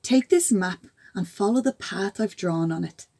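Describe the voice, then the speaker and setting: A woman's voice: mid-range voice, animated, unhurried, warm tone. A woman voicing a worried mother who gives her daughter urgent instructions. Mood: instructing.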